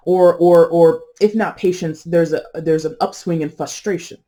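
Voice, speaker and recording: Rambling, mellow-voiced tarot reader. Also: mid-range voice. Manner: rambling, laughing, self-correcting. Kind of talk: casual tarot reading monologue.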